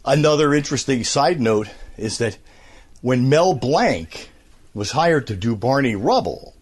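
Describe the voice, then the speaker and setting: Slightly rough and unhurried, this man's mid-range voice carries rambling, animated stories peppered with impressions. He's a voice actor and radio host chatting casually in an interview at home, walking around and a little winded from a cold.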